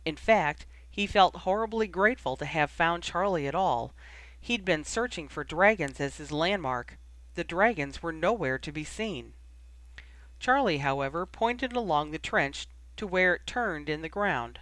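A man's voice: a little high, a little slow, no room sound. Man narrating a story, dry close sound. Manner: steady storytelling reading. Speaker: audiobook reader. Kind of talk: fan fiction audiobook narration.

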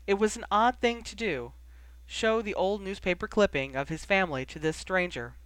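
A reader narrating fan fiction in a measured, steady way. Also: medium pitch, clean tone, no echo. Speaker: audiobook reader.

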